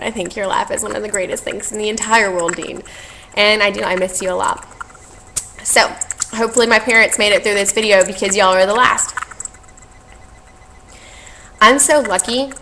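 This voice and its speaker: A woman's voice: mid-range voice, a bit bright, a little hiss or hum, rough recording. A young woman, talking in a heartfelt, rambling way and teary as she thanks family and friends in a vlog. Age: young adult. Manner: heartfelt, rambling, tearful with laughs. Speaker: vlogger. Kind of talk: emotional thank-you vlog.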